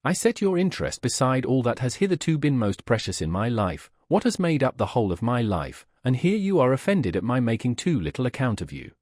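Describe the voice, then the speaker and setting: A man reading the lines of an earnest, principled young woman in an audiobook, firm and measured. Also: medium pitch, very animated, darkish tone, no room sound, clean studio sound. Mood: indignant. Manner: firm, measured, appealing to reason.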